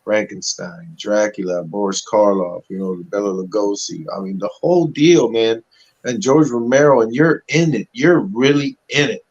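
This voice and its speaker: Animated male storyteller on a dull call. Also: on the low side, normal speed. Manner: animated storyteller who acts out quoted voices. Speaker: actor guest. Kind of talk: casual interview storytelling. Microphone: webcam on a video call. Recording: dull lo-fi audio.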